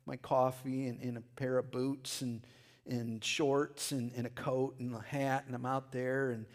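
A man preaching a sermon in a conversational way, often restarting phrases and now and then breaking into loud shouted lines. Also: medium pitch, little pitch movement, a little slow. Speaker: pastor.

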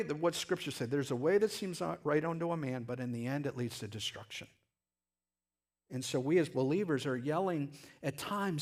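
A man preaching a sermon in a conversational way, often restarting phrases and now and then breaking into loud shouted lines. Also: a little high, moderate pace. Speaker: pastor.

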